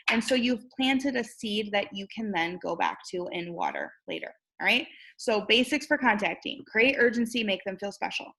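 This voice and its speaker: A woman's voice: mid-range voice, a bit bright, low-quality recording. A young woman coaching on recruiting in a bubbly, chatty way, acting out sample messages and checking in with "right?" as she goes. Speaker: network marketing recruiter and trainer. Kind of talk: casual coaching talk.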